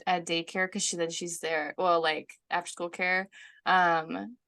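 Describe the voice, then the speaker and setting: A woman's voice: lowish voice, flat delivery, a little slow, pushed and bright. A woman from the United States, a guest chatting casually, with many "like" fillers and frequent laughs. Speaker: author guest. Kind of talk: casual conversation.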